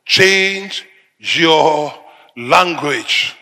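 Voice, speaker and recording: Male preacher from Africa, middle-aged; tense, sharp and forceful delivery; emphatic repetition; large reverberant hall. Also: a little high, expressive, drawn-out words. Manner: emphatic, repetitive declarations, sudden loud bursts. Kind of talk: sermon.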